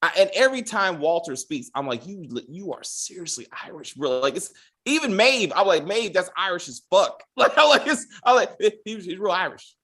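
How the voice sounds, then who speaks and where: A man's voice: high-pitched, brisk. A man hosting a casual TV review chat, swearing freely and acting out lines from the show. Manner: animated, profane, acts out quotes. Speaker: podcast host.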